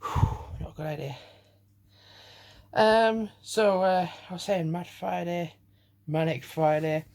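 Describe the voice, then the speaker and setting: A man's voice: high voice, fairly even intonation, takes it slowly, gravelly, darkish tone, dry recording. Breathless man vlogging on a walk. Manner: rambling, chatty, sighs often. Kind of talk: casual vlog chat while walking. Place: outdoors on a walk. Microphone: phone held while walking.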